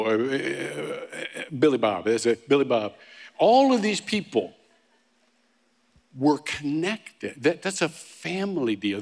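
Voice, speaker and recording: Male pastor preaching in a church sanctuary, relaxed and anecdotal, repeats and restarts words, with a long reverb tail. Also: medium pitch, creaky. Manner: conversational storytelling with frequent restarts and humorous asides. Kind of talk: sermon. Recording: long reverb of a large hall.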